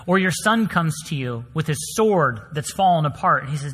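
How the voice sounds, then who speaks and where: A male pastor preaching a sermon, telling stories with swings between loud emphasis and soft, hushed lines. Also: a little high, expressive, normal speed, slightly rough. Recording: long hall reverb.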